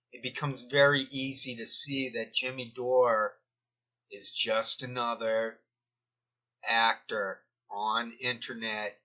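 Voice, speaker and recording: A man drawls slowly through rambling commentary over a screen recording, often trailing off mid-thought. His low voice has a sharp, tense edge. The recording sounds dull and lo-fi. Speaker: video commentator.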